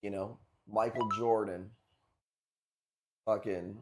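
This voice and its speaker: A young man from the Chicago area talks loosely with his viewers while he runs a live coral sale. His speech is relaxed and profane, and his voice sits at an ordinary middle pitch for a man. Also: slow, long pauses. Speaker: livestream coral seller. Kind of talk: casual livestream chat.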